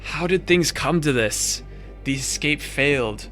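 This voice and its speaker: A man's voice: fairly high pitch, expressive, a little slow, a bit bright, faint music behind. A man narrating as a wounded, weary young heroine. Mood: pained.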